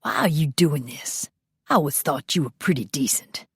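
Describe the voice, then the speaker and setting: A woman voicing a cocky male vampire swordsman who taunts softly. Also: low voice, normal speed, breathy edge, no echo, studio quality, exaggerated voice. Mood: taunting. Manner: soft-spoken, taunting.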